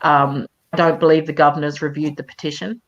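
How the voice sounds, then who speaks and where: Low-voiced woman, emphatic and measured. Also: flat delivery, lo-fi sound. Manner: measured, emphatic, many fillers. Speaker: campaigner. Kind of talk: live chat interview. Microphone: video call.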